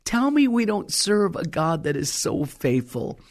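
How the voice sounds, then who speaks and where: A middle-aged woman preacher telling a story in a sermon, stressing key words slowly. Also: low-pitched, animated, darkish tone.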